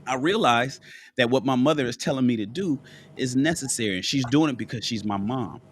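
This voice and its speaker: A man's voice: medium pitch, brisk, slight background noise. Sick, blunt man talking from bed. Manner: profane, blunt, talks over himself with many restarts. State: sick with a cough, lying down. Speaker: panelist on a live call-in show. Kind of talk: casual rambling chat. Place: at home in bed.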